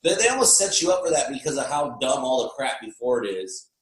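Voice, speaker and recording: A man guesting on a podcast, chatting casually about a film in a relaxed, crude, filler-heavy way. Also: mid-range voice, quick pace, reverberant.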